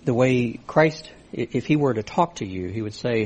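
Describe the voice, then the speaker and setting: A man's voice: mid-range voice, animated, moderate pace, hardly any pauses, darkish tone. A man preaching a sermon, earnest, stressing his points and speaking directly to the men in the congregation. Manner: earnest preaching with rising emphasis and asides to the men. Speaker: pastor.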